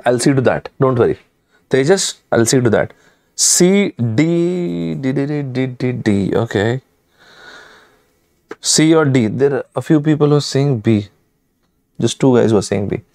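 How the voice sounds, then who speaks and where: A man's voice: mid-range voice, normal speed, long pauses, a little mellow. A man teaching a live online lesson, emphatic and addressing students directly, repeating key words. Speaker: online exam-prep teacher.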